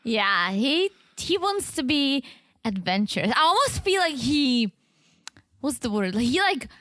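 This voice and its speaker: A woman's voice: high-pitched, big pitch swings, unhurried, fairly bright tone, no echo. A woman co-hosting a podcast, chatting casually and thinking aloud while recapping a reality show. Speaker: podcast co-host.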